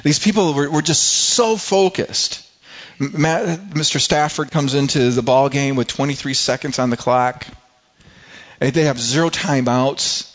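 A middle-aged man preaching a sermon as pastor, telling a story with frequent restarts and stretches of rising excitement. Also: medium pitch, measured pace. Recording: slightly dull lo-fi sound.

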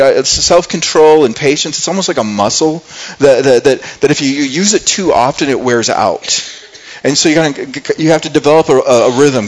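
Earnest male preacher, higher voice. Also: low-quality recording. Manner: earnest, repeats words often, acts out the quoted lines. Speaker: pastor. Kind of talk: sermon.

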